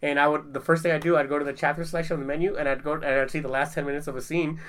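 Guy talking fast on a podcast, bright voice, swears a ton, laughs a lot. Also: fairly high pitch, flat delivery. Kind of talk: casual chat.

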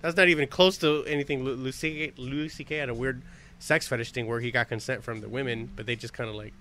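A man's voice: medium pitch, fairly even intonation, fast, sharp tone, a little hiss or hum. A man hosting a podcast in loose casual chat, rambling with many fillers and swearing freely. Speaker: podcast host.

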